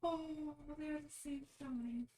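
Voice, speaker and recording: A woman cooing at her pets in a sing-song manner, her voice very high and her words drawn out slowly. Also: fairly even intonation, warm tone.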